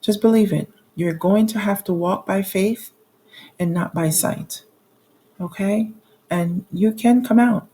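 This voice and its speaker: A woman in her forties, her voice medium-pitched and dark, takes her time going through her monthly bills in a casual budgeting video. Candid and self-mocking, she laughs at her troubles while reading out amounts, often restarting and using fillers.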